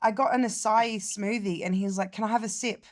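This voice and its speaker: A woman's voice: medium pitch, fairly quick. Sweary storytelling Australian woman. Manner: animated, sweary, quotes people in other voices. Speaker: vlogger. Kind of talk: casual storytelling.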